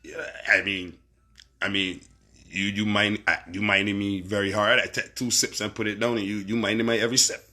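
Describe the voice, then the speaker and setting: A man with a Barbadian accent hosting a casual livestream, reading viewer comments and giving shout-outs in a laid-back, profane, laughing way. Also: fairly low pitch, level tone, a little fast. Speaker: livestream host.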